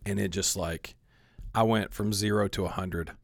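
A man's voice: on the low side, steady tone, normal speed, gravelly, dry recording. Swearing, rambling young man, dry sound. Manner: rambling with many "like" fillers, swears freely. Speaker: podcast co-host telling a story. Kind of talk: casual chat, profane storytelling.

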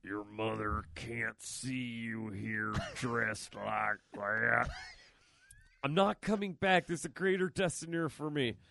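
A man putting on a gruff old drawling smuggler. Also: slow, bright, forceful tone, full character voice. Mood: pleading. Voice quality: low, drawling. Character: gruff old male space smuggler, a weary father.

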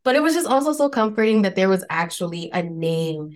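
A woman's voice: medium pitch, sing-song, brisk. A woman in her thirties from the Bronx with a Bronx New York accent, chatting expressively as a podcast guest and laughing often. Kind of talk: casual interview chat.

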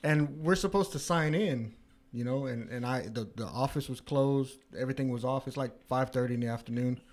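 A man in casual chat, telling a story with lots of swearing and high-pitched quoted voices. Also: brisk, darkish tone.

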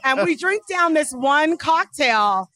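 High-voiced woman telling a story. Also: slow. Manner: animated storyteller, acts out quotes with laughs. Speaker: podcast co-host. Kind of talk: casual storytelling chat.

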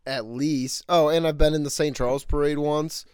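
A man co-hosting a casual podcast chat, tossing in jokey deadpan asides. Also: a little high, normal speed, clean tone, no room sound, studio quality. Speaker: podcast co-host.

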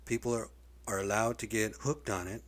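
A man's voice: lowish voice, steady tone, moderate pace. A man ranting in a vlog monologue, blunt and profane, getting worked up and swearing freely. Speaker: video blogger. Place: lives in Seattle area.

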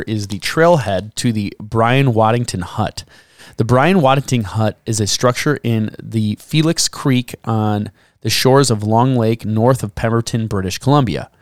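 A man co-hosting a podcast, working through his research notes in an easygoing way and tossing in dry jokes as he goes. His voice sits at an ordinary middle pitch. It is recorded close and dry, with no room echo. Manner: jokey, drops wry asides between facts. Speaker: podcast co-host. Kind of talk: casual podcast chat reading out research notes.

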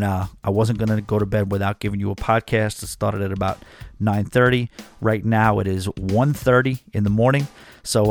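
Chatty New podcast host, man. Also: lowish voice. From New York. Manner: chatty and animated, with frequent fillers. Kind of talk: casual podcast storytelling.

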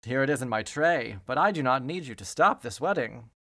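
A dim, lustful young prince, played by a man speaks in a blunt, oblivious way. The voice sits at a middle pitch and sounds dry, close and without room echo. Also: expressive, a little fast, a bit bright.

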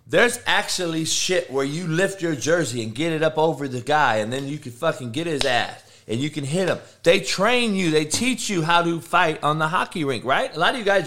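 A man's voice: on the high side, a bit bright. A middle-aged man hosting a live show, a football coach who rants and trash-talks with constant swearing. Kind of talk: profane live-stream rant.

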